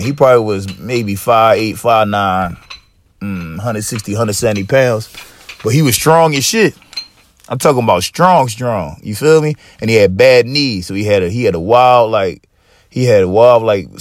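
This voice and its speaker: A man hosting a podcast in casual chat, swearing freely and rambling with many fillers and restarts. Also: medium pitch. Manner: profane, rambling, lots of fillers and repeats. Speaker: podcast host.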